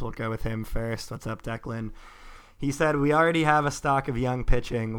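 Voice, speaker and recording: A man's voice: medium pitch, smooth. A man hosting a casual sports podcast, chatty and self-deprecating, reading out listener questions. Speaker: podcast host.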